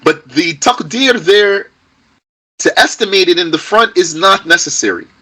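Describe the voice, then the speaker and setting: A man's voice: high-pitched, expressive, moderate pace, sharp tone, slightly rough, poor audio. A man teaching an Arabic grammar lesson to a class, patient and repetitive, stressing key points emphatically.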